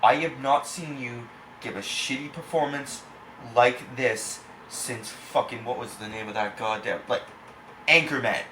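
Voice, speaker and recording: A man's voice: mid-range voice, measured pace, sharp tone. Angry, foul-mouthed male movie reviewer. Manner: angry, profane, insulting. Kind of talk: ranting film review. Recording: echoey room, faint background hiss.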